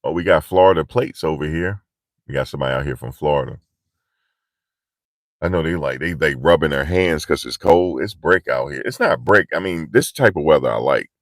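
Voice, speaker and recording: A man's voice: very deep voice, a little fast, no room sound. A man giving live, slangy street commentary outdoors in cold, rainy weather, pushing his energy up as he talks. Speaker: vlogger.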